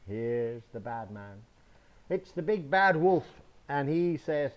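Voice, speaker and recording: A man reads a picture book aloud to young children, stopping to point out the pictures. He speaks slowly, with a lively, sing-song pitch, and adds playful sound effects. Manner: animated, slow and expressive with sound effects. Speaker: storyteller.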